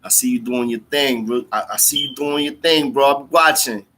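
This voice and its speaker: Profane, bright-voiced man telling a story. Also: medium pitch, normal speed. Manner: profane street slang, calls listeners bro and twin; animated, repeats lines for emphasis. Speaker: livestream host talking to viewers. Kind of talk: casual storytelling chat.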